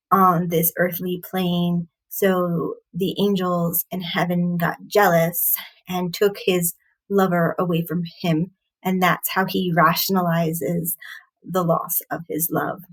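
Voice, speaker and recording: A woman reviewing a poem, explaining its meter in a halting, thoughtful way with frequent pauses and fillers. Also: lowish voice, level tone, low-quality recording. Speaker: poetry reviewer. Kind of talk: explaining poetry analysis.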